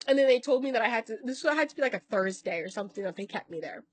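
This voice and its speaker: A woman's voice: fairly high pitch, animated, quick pace, hardly any pauses, no room sound. Chatty rambling woman, dry sound. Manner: rambling, self-correcting, casual swearing; acts out other people's lines in quoted voices. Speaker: vlogger. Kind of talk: casual storytelling to camera.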